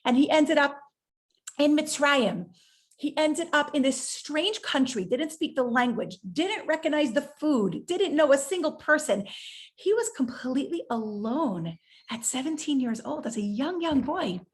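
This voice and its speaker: Woman, high voice, rebbetzin guest, lively storyteller acting out quotes. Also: unhurried. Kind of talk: inspirational talk in an interview.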